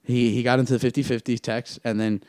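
A man's voice: medium pitch, little pitch movement, fast talker, darkish tone, no room sound, studio quality. A young man hosting a casual chat, laid-back and slangy, often calling others "bro" and "man". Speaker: podcast host.

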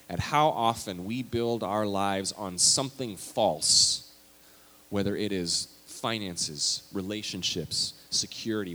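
Preaching man in a reverberant hall. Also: fairly low pitch. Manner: animated preaching, reads scripture aloud with emphatic swings in loudness. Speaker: pastor. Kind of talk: sermon.

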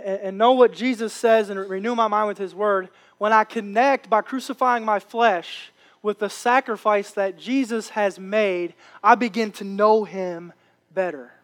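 A man's voice: high-pitched, fairly bright tone. A man preaching a sermon with impassioned, repetitive phrasing. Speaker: pastor.

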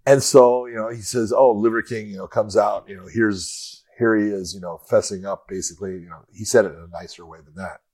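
A man's voice: on the low side, brisk, few pauses. Laid-back cursing male co-host. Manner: laid-back, swears freely, animated storyteller. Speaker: podcast co-host. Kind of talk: casual chat.

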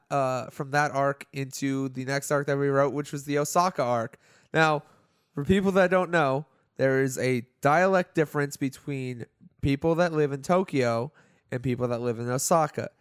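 A man's voice: medium pitch, clear, resonant tone, no echo, clean studio sound. A man co-hosting a casual chat, rambling with lots of fillers and laughing often. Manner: rambling, laughs often, puts on silly voices. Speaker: podcast co-host. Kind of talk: casual chat about anime.

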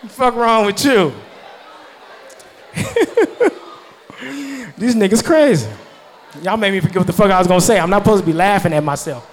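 Loud and foul-mouthed, this stand-up comedian in his thirties laughs at his own material as the crowd laughs too. His voice is high-pitched, with a little hiss or hum in the audio.

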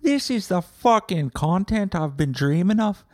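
A man voicing an excitable drunk Irish potato farmer fan, with a put-on Irish accent that slips toward Scottish, gushing and swearing. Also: high voice, measured pace, dry recording, clean studio sound, voice pushed up. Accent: put-on Irish drifting Scottish.

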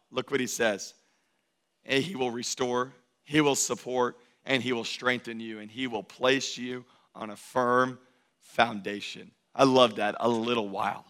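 A male pastor preaching a sermon in a rhythmic, repetitive cadence, swinging from loud emphatic declarations to hushed, intimate asides. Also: medium pitch.

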